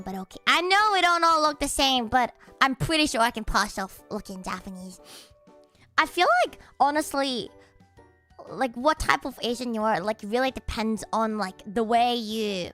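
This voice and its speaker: Young woman streamer, high bright voice, chatty and laughing a lot, faint music behind. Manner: chatty, animated, laughs loudly and often. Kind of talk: casual chat stream.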